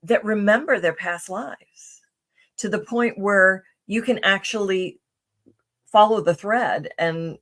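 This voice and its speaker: A woman's voice: lowish voice, fairly bright tone. A woman guest on a podcast, telling personal stories in a casual, rambling way with many fillers and restarts. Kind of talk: casual conversational storytelling.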